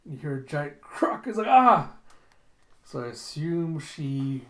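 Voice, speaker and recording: A man's voice: on the high side, lively intonation, normal speed. A man casually recapping a comic, in a loose, rambling way full of fillers. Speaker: manga recap host. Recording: roomy echo.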